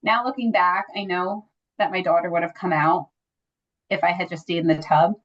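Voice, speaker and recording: A woman's voice: on the low side, normal speed. A woman guest in a casual interview, telling a personal story with lots of fillers like "like" and "you know.". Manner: animated when acting out quoted dialogue. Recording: slightly dull lo-fi audio.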